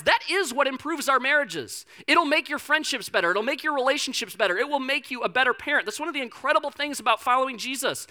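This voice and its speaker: A man in his thirties, a pastor, preaching a candid, conversational sermon full of personal stories, moving between loud emphasis and hushed, quiet passages. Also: very high voice.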